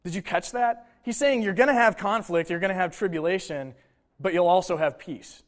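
Man, pastor, sermon, conversational, casual asides, slightly high voice. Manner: conversational preaching with asides and quick impressions.

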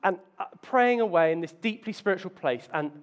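A man's voice: high voice, animated, a little fast. A man preaching a sermon, telling self-mocking stories with playful asides. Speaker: pastor.

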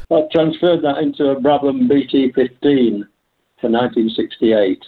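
A man's voice: medium pitch, steady tone, measured pace, slightly rough. Older man, interview guest, chatty anecdotes, laughs often, phone-line sound. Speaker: guest, veteran hill climb driver. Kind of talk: conversational interview.

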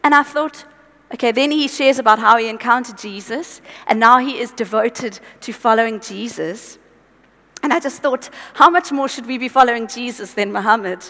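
A high-pitched woman preaches in an earnest, exhorting way, breaking into chatty asides. Her tiring voice rings out with a long echo, as if in a large church hall. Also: normal speed, sharp tone. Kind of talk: conversational sermon.

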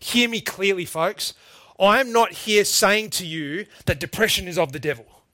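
A man's voice: high-pitched, moderate pace, bright, forceful tone, dry recording. A middle-aged man preaching a sermon, earnest and emphatic, often calling his listeners "folks".

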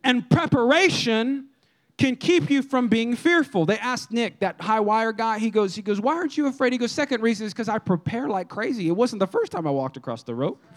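A man preaching a sermon as pastor, in a lively, conversational style that acts out quotes from people. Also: very high voice, brisk.

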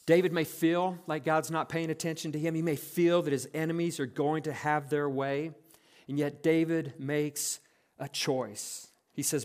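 A man preaching an earnest evening sermon as pastor, reading scripture aloud with slowed, weighty emphasis. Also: a little high, fairly even intonation.

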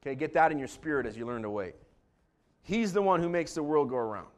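A man preaching a sermon as pastor, joking and animated, moving between calm asides and loud bursts. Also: on the high side, quick pace.

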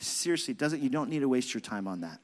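A man preaching as a pastor, telling a self-mocking personal story with lively, animated delivery. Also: mid-range voice, fast. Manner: animated, self-mocking, acts out his own past shouting. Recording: reverberant hall.

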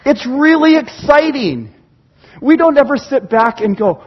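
A pastor preaching a sermon, asking the room rhetorical questions and swinging from hushed to loud. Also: male voice, very high voice, animated, unhurried, lo-fi sound.

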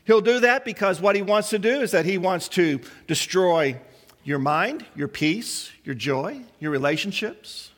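High-voiced man preaching in a reverberant hall. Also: animated, a little slow, a bit bright. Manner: preaching with many rhetorical questions to the congregation. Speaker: pastor. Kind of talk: sermon.

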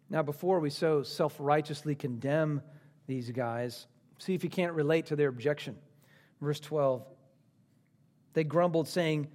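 A man preaching a sermon, swinging dramatically between lively and hushed delivery. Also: on the high side, normal speed.

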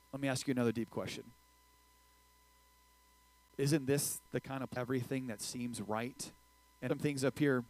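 A man preaching a casual sermon to a youth group, energetic and joking, talking straight to the crowd. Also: fairly high pitch, dry recording, rough recording. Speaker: youth pastor.

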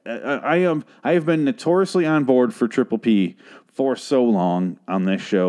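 Speaking at a moderate pace in a medium-pitched, slightly mellow voice, a Phoenix, Arizona man hosts a podcast. He rambles sarcastically through a TV episode recap with heavy profanity.

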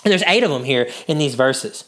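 A man preaching a teaching sermon with a very lively, swinging pitch. He walks the congregation through the text, stops often to ask whether they follow, and sometimes sinks to a near-hush for emphasis. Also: brisk. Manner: teaching, asks the congregation questions; drops to a hushed voice to draw listeners in. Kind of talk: expository sermon.

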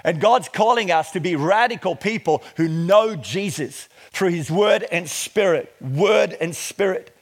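A middle-aged man preaching a sermon, reading scripture slowly and with emphasis before explaining it. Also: sits high. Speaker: pastor.

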